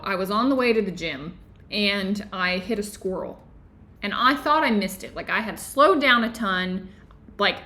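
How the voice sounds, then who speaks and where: A woman hosting a book club discussion, talking casually and telling stories in an animated, chatty way with lots of "like"s. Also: medium pitch. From Florida, USA. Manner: chatty, animated storytelling with many "like"s.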